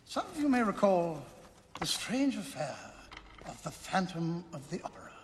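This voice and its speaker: An actor playing a formal auctioneer at a theater sale, announcing in a measured way. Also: male voice, high voice, very animated, slight background noise. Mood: solemn. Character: stately male auctioneer at an old theater sale. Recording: film audio with long reverb.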